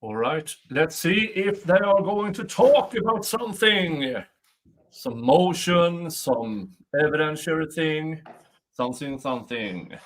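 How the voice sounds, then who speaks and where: A man who speaks English as a second language, talking slowly and deliberately. He hosts casual commentary with a dry, self-deprecating humor. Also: on the high side, lively intonation. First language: not English. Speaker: trial commentary host.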